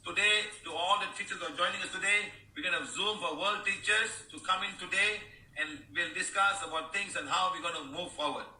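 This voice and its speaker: Bright-voiced man in his sixties, roomy. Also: high voice, a little fast, recorded from a distance. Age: 60s. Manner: animated, chatty, laughs often, addresses listeners as guys and sir. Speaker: founder of a healing movement. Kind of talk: live talk reading and answering viewer comments.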